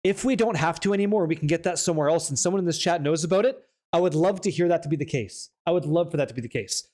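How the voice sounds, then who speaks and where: A man's voice: on the high side, fast talker, a little mellow. Upbeat man streaming to live chat. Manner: casual, hyped, swears and jokes with chat. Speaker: streamer host.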